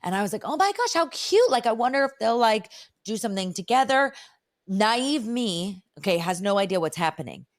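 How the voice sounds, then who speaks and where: A woman in her thirties hosts a casual podcast chat. She tells her stories with energy, slipping into the voices of the people she quotes. Her talk is loose and full of "like," at an ordinary mid pitch. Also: brisk, no room sound, studio quality. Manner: lively, acts out quoted voices, many "like" fillers. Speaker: podcast host. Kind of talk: animated storytelling in casual chat.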